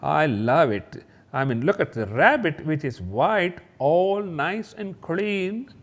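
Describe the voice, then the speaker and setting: A man teaching a kindergarten lesson, talking gently and directly to young children and exclaiming over each picture. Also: a little high, expressive, takes it slowly.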